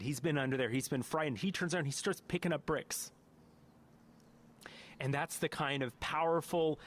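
A man preaching a sermon as a pastor, reading a story aloud and reflecting on it earnestly, now and then correcting himself mid-phrase. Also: a little high. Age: adult parent.

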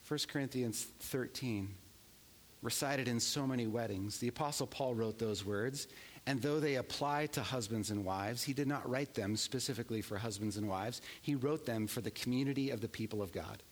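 A man preaching a sermon, earnest and emphatic, swinging between hushed and raised passages. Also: mid-range voice, moderate pace, long reverb tail. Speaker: pastor.

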